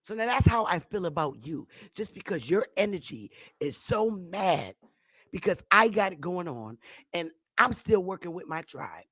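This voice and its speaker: A woman's voice: on the low side, very animated, moderate pace, a bit bright, husky, no echo, clean studio sound. A woman vlogger delivering a profane, taunting ranting monologue and laughing often.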